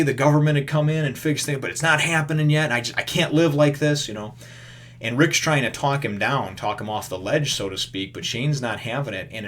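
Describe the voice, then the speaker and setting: A man's voice: mid-range voice, fairly bright tone. A man casually recapping a comic book issue, rambling and acting out the characters' lines as he goes. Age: adult with children.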